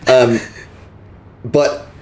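A young man from Pittsburgh with a Pittsburgh accent, chatting casually as a podcast guest, animated and joking. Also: very slow. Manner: animated, laughing, jokey voices for bits. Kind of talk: casual comedic chat. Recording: echoey room, faint noise.

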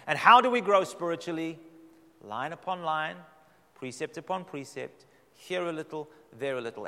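A middle-aged man, a pastor, giving a sermon with dramatic, emphatic delivery and slow repeated phrases. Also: a little high, fairly bright tone. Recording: long hall reverb.

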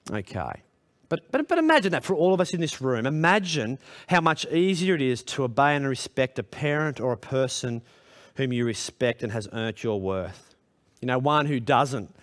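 In a church hall, a male pastor gives an earnest, direct sermon. He asks the congregation questions, and his pitch goes up whenever he presses a point.

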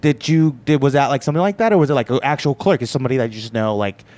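A man's voice: mid-range voice, rapid-fire, a little mellow. A man hosting a beer podcast, joking and teasing himself, often stumbling over his starts. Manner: jokey, self-mocking, stumbling starts. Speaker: podcast host. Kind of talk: casual chat.

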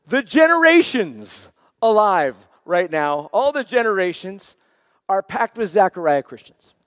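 A man's voice: high voice, very animated, takes it slowly, pauses often, fairly bright tone, no echo, studio quality, big-room sound. A man preaching a sermon as senior pastor, earnest and repeating phrases for emphasis.

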